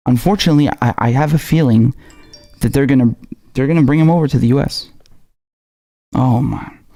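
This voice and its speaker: A male livestream host with a raspy, dark, medium-pitched voice talks casually in slang, halting and restarting as he reads viewer messages aloud.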